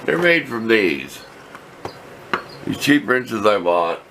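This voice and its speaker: Background noise runs under this casual workshop show-and-tell, where an older male host rambles plainly and folksily about the tools in his home workshop. He speaks slowly in a fairly low, sing-song voice.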